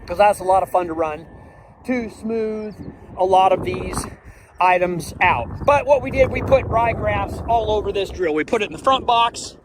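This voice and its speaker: A middle-aged farmer chats casually outdoors in his fields for a farm vlog, explaining his work as he goes and drifting off topic. He speaks at normal speed in a high-pitched voice, with background noise present.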